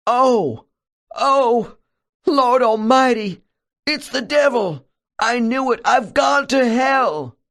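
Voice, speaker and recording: A man voicing a terrified evangelical preacher who cries out in a shrill, shouting voice. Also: big pitch swings, slow, heavily acted. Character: terrified male evangelical preacher, fiery, shaken, stubborn.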